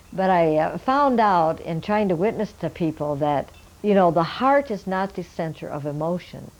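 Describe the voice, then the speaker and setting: A woman's voice: on the low side, a little mellow, slight background noise, low-quality recording. An older woman, a missionary Bible translator, earnestly telling a story from her work and addressing her listeners as friends. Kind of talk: storytelling testimony.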